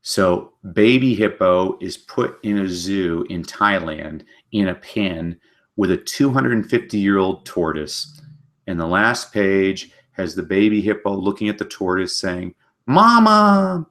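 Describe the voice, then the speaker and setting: A man giving an energetic webinar talk on children's books, telling stories and briefly doing character voices. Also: sits low. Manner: animated storyteller, does quick character voices. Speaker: literacy speaker giving book talks.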